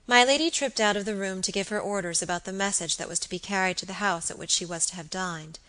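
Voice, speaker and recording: A woman narrating a classic novel in a calm, measured reading. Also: mid-range voice. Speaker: audiobook narrator. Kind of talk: scripted narration.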